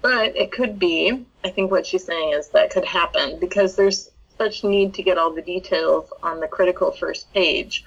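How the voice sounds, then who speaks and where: Woman cohost, lower voice, kinda hesitant, um and uh a lot, muffled lo-fi sound. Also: normal speed, few pauses. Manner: thoughtful, hesitant with fillers, reads listener replies. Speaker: podcast co-host. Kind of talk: casual chat about writing craft.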